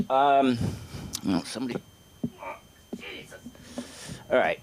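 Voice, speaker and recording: On a small club stage, a middle-aged man performs an open mic stand-up set, telling stories haltingly and ramblingly, full of fillers and restarts. His voice is lowish, with big pitch swings and vocal fry.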